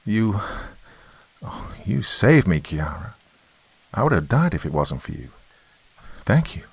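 A stubborn, protective uncle with a deep, low voice, as a man reads him out. He talks in an urgent, shaken way, and the sound is close and dry with no room around it. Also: big pitch swings, slow, vocal fry, husky, no echo, exaggerated voice. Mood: grateful.

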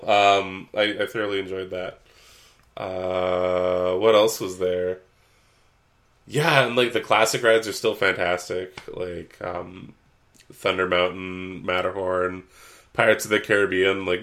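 Low-pitched but fairly bright in tone, this man co-hosts a podcast with a steady, measured delivery. The talk is a relaxed, meandering chat peppered with plenty of swearing.

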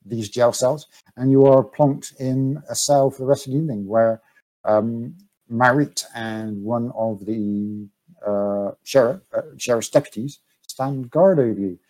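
A man narrating as game master of a tabletop role-playing game, pausing often and chuckling now and then. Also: medium pitch, steady tone, darkish tone, rough recording. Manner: hesitant, many ums, chuckling.

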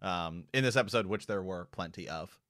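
A man co-hosting a podcast, chatting casually and trailing off into quiet asides. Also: low-pitched, fairly quick, no room sound, clean studio sound. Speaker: podcast co-host. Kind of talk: casual fan discussion.

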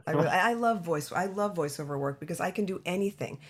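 A middle-aged actress talking about her career as a podcast guest, animated and chatty, often breaking into laughs. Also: on the low side, fast, husky. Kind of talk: casual interview chat.

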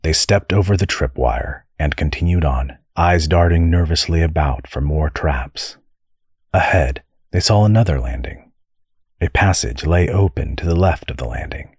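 A man reading an audiobook with measured, steady storytelling. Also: a bass voice, breathy edge, dry recording. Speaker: audiobook narrator. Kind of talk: scripted narration.

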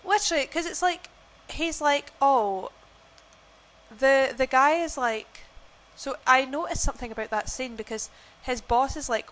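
A woman's voice: sits high, unhurried, a bit bright. A young woman co-hosting a podcast, chatting casually about a film, gushing and full of fillers and restarts. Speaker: podcast co-host. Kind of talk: casual film-review chat.

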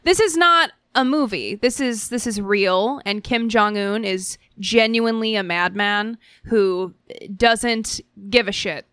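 A woman's voice: a little high, takes it slowly, few pauses, a bit bright, clean tone, no room sound, studio quality. A woman co-hosting a political podcast, giving blunt, wry commentary. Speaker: podcast co-host. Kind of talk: casual political chat.

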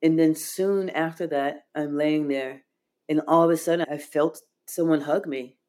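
A woman as an interview guest, telling a deeply personal story in an earnest, heartfelt way, with frequent "like" fillers. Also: steady tone, measured pace, darkish tone. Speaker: podcast guest.

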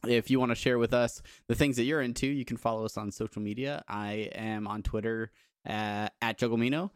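A man's voice: mid-range voice, fairly even intonation, fairly quick, smooth, dry recording, studio quality. Chatty male podcast host. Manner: chatty, self-deprecating, laughs often. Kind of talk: casual podcast chat.

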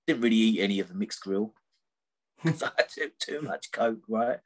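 A man's voice: lowish voice, expressive, normal speed. A middle-aged man tells a personal story as a podcast guest, rambling and often tagging his sentences with "right?". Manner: rambling, tags sentences with "right?", many fillers.

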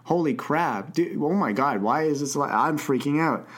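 A man's voice: on the high side, expressive, normal speed. A young man hosting an advice podcast, talking casually and stammering through frequent restarts. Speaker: podcast host.

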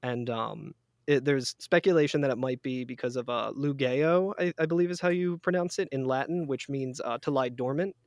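A man's voice: mid-range voice, a little fast, no echo, clean studio sound. A man chatting as a guest on a casual podcast, rambling through a story with lots of fillers and restarts.

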